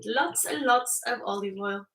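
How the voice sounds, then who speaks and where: Slow, bright-voiced woman cooking live. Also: medium pitch, a little hiss or hum, poor audio. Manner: chatty, thanks viewers, frequent laughs. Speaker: cooking livestream host. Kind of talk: casual live cooking stream. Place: home kitchen.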